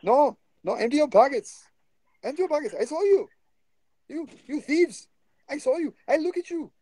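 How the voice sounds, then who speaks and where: A man's voice: high voice, fairly quick, darkish tone, a little hiss or hum, voice pushed up, lightly acted, poor audio. A man voicing a stern older male store clerk who barks urgent commands at shoplifters. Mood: stern, shouting.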